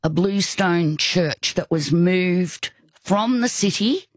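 An older woman, telling a personal story in conversation, halting, with frequent restarts and asides. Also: fairly low pitch, animated, no echo. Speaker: guest.

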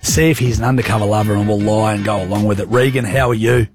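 A man's voice: lowish voice, fairly even intonation, fast, faint music behind. A man with an Australian accent hosting a radio show, chatty and jokey with lots of restarts. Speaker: radio host. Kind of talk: breakfast radio banter.

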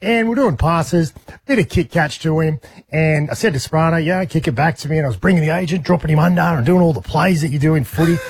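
A man's voice: a little high, fast. An Australian man co-hosting breakfast radio, telling a rambling story and laughing as he goes. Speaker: radio co-host reporting from abroad. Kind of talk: casual breakfast radio banter.

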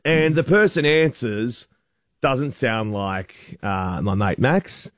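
Male breakfast host, mid-pitched, loose and self-deprecating. Dry studio mic. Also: slow pace, fairly bright tone, dry recording. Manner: chatty, self-mocking storyteller. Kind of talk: casual on-air banter and storytelling. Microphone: studio microphone.

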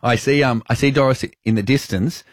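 A man hosting a radio show, telling a story in casual chat and acting out the quotes loudly. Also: mid-range voice, fairly quick, dry recording, studio quality. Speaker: radio host. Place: radio studio.

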